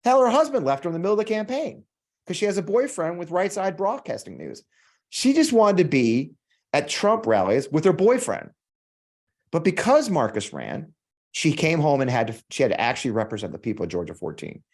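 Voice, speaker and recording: An American podcast host with a high-ish, sing-song, slightly mellow voice talks briskly through a heated political monologue. He swears often, repeats lines for emphasis and builds up in an emphatic, preacherly way.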